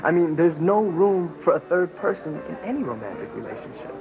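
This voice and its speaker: An actor playing a smooth-talking, persuasive young man who talks easily about love in a soap opera scene. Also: fairly high pitch, very animated, brisk, highs cut off, music in the background. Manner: easygoing and persuasive, laughing. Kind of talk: daytime soap opera acting.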